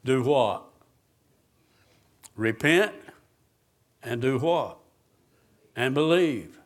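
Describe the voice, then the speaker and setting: A man's voice: mid-range voice, lively intonation, very slow. A man preaching a sermon, asking the congregation questions and answering them himself.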